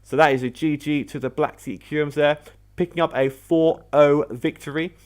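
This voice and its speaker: A man's voice: a little high, fairly even intonation, moderate pace. A man hosting a casual battle commentary video, rambling and often correcting himself mid-sentence. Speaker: host.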